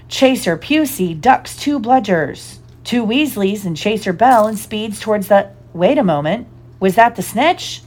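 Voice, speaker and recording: A woman's voice: medium pitch, lively intonation, darkish tone, pitched above the performer's own voice. Lee Jordan, cheeky teen commentator, read by a woman. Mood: excited. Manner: rapid cheeky play-by-play. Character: excitable teen boy sports commentator.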